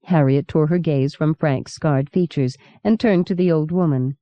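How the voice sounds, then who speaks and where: A woman narrating an audiobook in a measured, steady reading. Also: low voice, no echo. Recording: dull lo-fi cassette recording.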